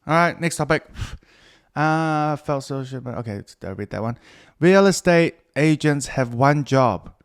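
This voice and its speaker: A man's voice: on the high side, expressive, unhurried, long pauses, smooth. A middle-aged man hosting a solo podcast, rambling casually and swearing a lot with self-mocking humor. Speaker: podcast host.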